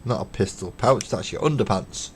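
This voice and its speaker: Chatty low-voiced man building models. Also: lively intonation, moderate pace, slight background noise. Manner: chatty and self-mocking, counts parts aloud, swears casually. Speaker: streamer building miniatures. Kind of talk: casual live-stream chat while working. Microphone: webcam stream.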